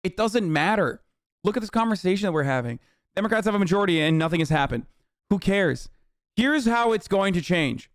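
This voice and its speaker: A man's voice: sits high, animated, brisk, dry recording, studio quality. A man reacting to the news on a live stream, ranting in a heated, profane, sarcastic way.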